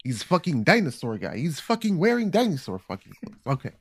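A man's voice: on the high side, wildly swooping pitch, a little fast, husky, no echo. A man in casual comedic chat, riffing loosely and swearing, slipping into silly bits. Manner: riffing, profane, acting out bits.

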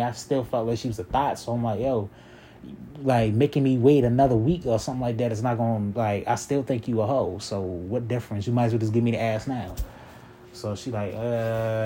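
A man in his twenties tells a long story in a casual, rambling, profane manner, constantly dropping "you feel me" as filler. His voice is medium in pitch and warm, with slight background noise.

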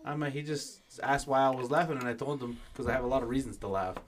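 A man co-hosting a podcast, telling a profane, animated story and mixing in Spanish phrases. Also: medium pitch, fast talker, a little hiss or hum. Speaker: podcast co-host. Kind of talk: casual storytelling chat.

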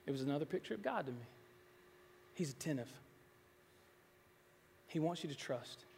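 A male pastor preaches a sermon in a church sanctuary, telling homely stories that swell into emphatic, rising, pleading calls to his listeners. His voice is on the high side, gravelly and darkish, with lively intonation at a moderate pace. The large hall adds long reverb, with slight background noise.

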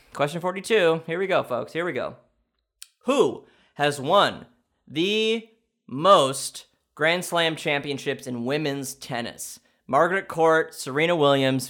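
A young man with a lively, far-ranging pitch hosts his own sports quiz for laughs. He reasons out loud, bursts into shouts when he scores, then drops to quiet grumbles when he misses. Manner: animated, thinks out loud, swings from shouting to muttering. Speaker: quiz contestant and host. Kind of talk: comedic solo quiz challenge.

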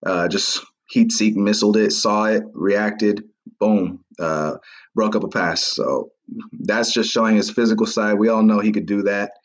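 Man hosting a low-voiced, loose sports podcast recap, lots of fillers. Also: steady tone, unhurried. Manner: rambling, many fillers and restarts. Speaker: podcast host. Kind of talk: casual sports recap monologue.

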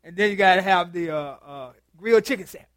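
A man's voice: high-pitched, fast talker, a bit bright, no echo. A man, a pastor preaching in a chatty, joking way, often stammering and repeating words as he quizzes his congregation in a church meeting room. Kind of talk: conversational sermon with open dialogue.

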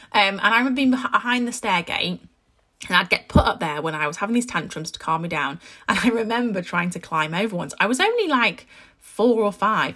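A British woman and podcast host chatting casually about her children, telling stories in a lively way with frequent asides. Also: medium pitch. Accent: British English. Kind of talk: casual chat.

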